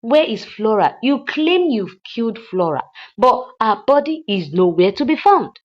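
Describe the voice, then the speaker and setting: A woman voicing a furious rich woman who orders a killing, loud and repeating her demands. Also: a little high, big pitch swings, a little slow, highs cut off, pitched above the performer's own voice. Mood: demanding.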